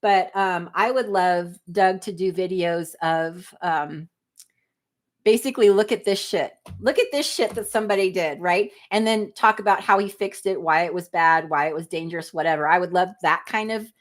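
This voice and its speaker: A woman's voice: lowish voice, normal speed. A woman, hosting a casual livestream, chatting and reading viewer comments aloud with frequent laughter. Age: 50s. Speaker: livestream host.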